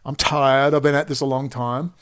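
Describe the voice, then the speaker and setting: An Australian man delivering a combative, sarcastic ranting monologue to camera, talking loudly. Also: mid-range voice, level tone, moderate pace, clean tone. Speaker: online commentator.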